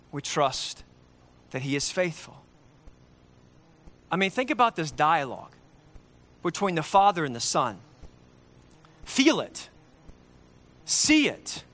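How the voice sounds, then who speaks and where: A male preacher delivers a sermon in a high, bright voice. He speaks emphatically, slowing down to repeat his key lines for effect. His delivery rises and falls with his points.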